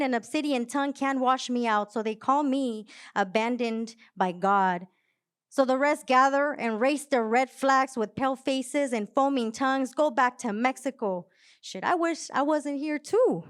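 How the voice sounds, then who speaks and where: A woman poet performs her spoken word live. Her voice is smooth and resonant and sits a little high for a woman. Her delivery is measured and emphatic. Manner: soft-spoken, hesitant chat before the poem; measured, emphatic poetry recitation. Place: live venue.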